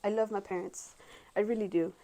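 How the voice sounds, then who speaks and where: A woman's voice: mid-range voice, brisk, a little hiss or hum. Rambling young woman talking to camera. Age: 20s. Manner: rambling, heavy use of filler words, frank and expressive. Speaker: vlogger. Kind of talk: casual monologue to camera.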